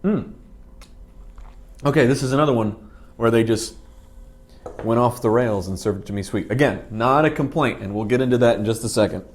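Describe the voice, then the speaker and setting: A man's voice: medium pitch, normal speed, long pauses, slight background noise. Man, casual food-review vlogger, dry rambling humor, mid-range voice.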